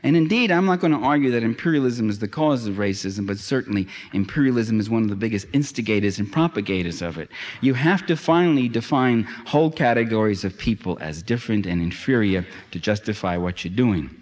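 A man's voice: lowish voice, animated, a little fast, a little mellow. A man giving a public lecture, emphatic and sardonic, building to impassioned climaxes. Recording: long hall reverb.

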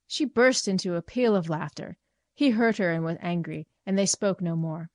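A woman reading a short story aloud in measured, clear scripted narration. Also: on the low side, no room sound, clean studio sound. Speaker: reader.

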